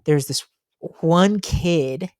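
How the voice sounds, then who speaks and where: Guy hosting a podcast, animated storyteller, lots of ums, dry close sound. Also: fairly high pitch, drawn-out words, dry recording. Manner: animated storyteller, frequent fillers. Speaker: podcast host. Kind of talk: casual podcast chat.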